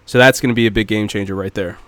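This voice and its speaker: Animated man in a dry room. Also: on the low side, quick pace, dry recording. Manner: animated, laughs often. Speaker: podcast co-host. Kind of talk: casual chat.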